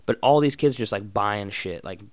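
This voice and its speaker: A young man in a casual, profane rant, blunt and loud in bursts, then muttering. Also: lowish voice, moderate pace, no room sound. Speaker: vlogger.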